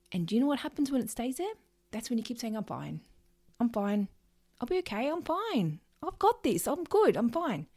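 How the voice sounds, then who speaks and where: Hosting her podcast solo, this Australian-accented woman speaks in a slightly high voice with a darkish tone. Her talk is earnest and direct, peppered with the odd casual swear word and acted-out everyday phrases.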